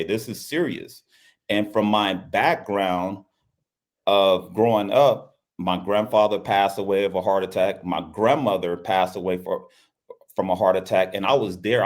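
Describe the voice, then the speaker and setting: Deep-voiced guy from louisiana, coach telling his story, earnest, repeats himself a lot. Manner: earnest, repeats phrases, acts out quoted speech. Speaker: basketball coach and guest. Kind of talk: personal storytelling in an interview.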